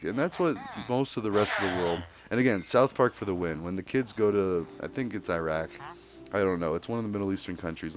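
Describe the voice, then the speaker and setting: A man ranting in a casual, rambling way, heated and packed with fillers and restarts. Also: on the low side. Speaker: streamer. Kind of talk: casual rambling opinion rant. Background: music.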